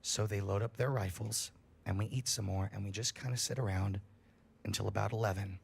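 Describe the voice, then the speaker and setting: A man's voice: on the low side, brisk, gravelly, breathy edge. A man telling a creepy campfire story on a livestream, casual and full of swearing. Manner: profane, animated storyteller.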